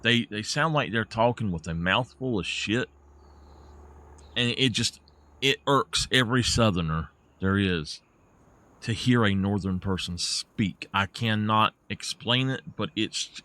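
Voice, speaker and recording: A man's voice: fairly low pitch, animated, a little slow, bright, forceful tone. A man with a Southern US accent, chatting casually while streaming a game and laughing at his own jokes. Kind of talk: casual live-stream chat.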